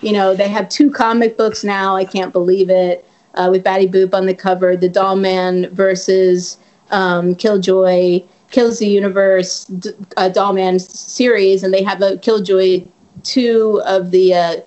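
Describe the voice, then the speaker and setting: A woman's voice: medium pitch, level tone, a little slow, a little mellow. A woman being interviewed as a guest actress, chatting casually and rambling, swearing freely and leaning on filler words. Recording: dull lo-fi audio.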